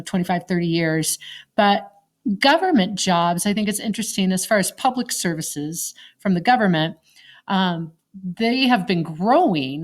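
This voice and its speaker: Conversational woman giving an online lecture. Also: medium pitch. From Colorado, United States. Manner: conversational, asks the class questions. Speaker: teacher.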